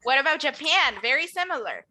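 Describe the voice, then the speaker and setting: A woman's voice: sits high, expressive, fairly quick, background noise. A woman teaching an English class, modeling words for the students to repeat and encouraging them. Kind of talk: classroom lesson.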